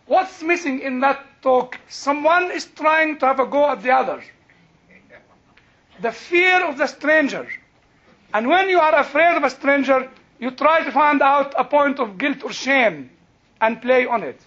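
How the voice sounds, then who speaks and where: A man's voice: very high voice, fairly bright tone. An older man with an Egyptian accent, teaching a Bible class in a chatty storytelling way with frequent laughs and restarts. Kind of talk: sermon with storytelling. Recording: dull lo-fi recording.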